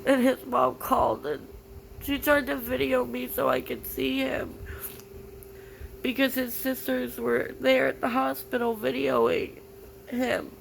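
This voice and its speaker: A young woman vlogging through tears, halting and grief-stricken, with many "like" fillers. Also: high voice, flat delivery, gravelly, slight background noise, poor audio. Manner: halting, full of "like" fillers, grieving. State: tearful. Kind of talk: personal confessional vlog.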